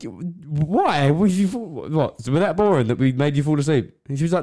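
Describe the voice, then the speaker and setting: A man's voice: a little high, moderate pace. A young man co-hosting a casual podcast, telling a story with lots of laughter and acted-out quotes. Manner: giggly, lively storyteller. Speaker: podcast co-host. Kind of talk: casual chat.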